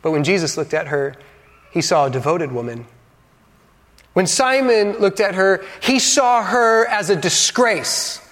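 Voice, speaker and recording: A man with a fairly high voice preaches from the pulpit, building with dramatic pauses and dropping in playful asides to the congregation. The sound has a long reverb from a large church hall. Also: expressive, a bit bright. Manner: dynamic preaching, dramatic pauses, acts out quotes. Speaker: pastor. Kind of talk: sermon.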